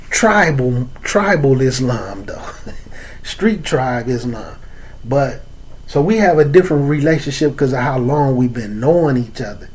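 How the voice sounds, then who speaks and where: A man's voice: medium pitch, animated, a little slow, husky. A man from Chicago with an African American English accent, hosting a loose talk on religion and laughing between points. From Chicago, USA. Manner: loose, streetwise, repeats "man" and "you know what I'm saying". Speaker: host. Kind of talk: casual religious talk to an audience.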